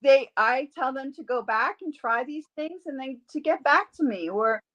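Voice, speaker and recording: A woman guest in a casual interview, an animal communicator and Reiki healer telling lively stories and acting out the voices she quotes. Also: high voice, normal speed, highs cut off. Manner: animated storyteller who acts out quoted voices.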